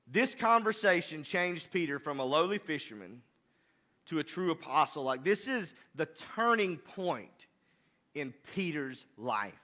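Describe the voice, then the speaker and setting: Man, pastor, sermon, bright tense voice, fairly high, impassioned. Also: sing-song, a little slow. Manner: builds to impassioned, emphatic preaching.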